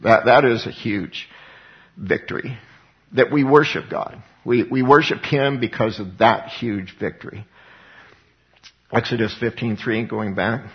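Husky-voiced man preaching a sermon. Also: medium pitch, steady tone, unhurried, dull audio. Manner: earnest, conversational preaching with repeated words. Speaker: pastor.

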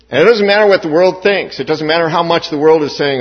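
Husky male preacher in an echoey hall. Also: on the high side, quick pace, few pauses. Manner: emphatic preaching with rising stresses and restarts. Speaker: pastor. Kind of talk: sermon. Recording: dull, echoey hall recording.

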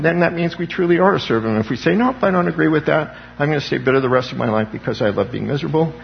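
A man's voice: a little high, muffled recording, slight background noise. A man preaching an impassioned sermon as a pastor, calling on the congregation for amens.

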